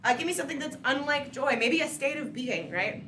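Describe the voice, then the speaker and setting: Woman, improv host, high voice, echoey stage, distant mic, background noise. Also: expressive, a little fast. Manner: upbeat, shouting eliminations to the crowd. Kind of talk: live improv hosting. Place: comedy theater stage.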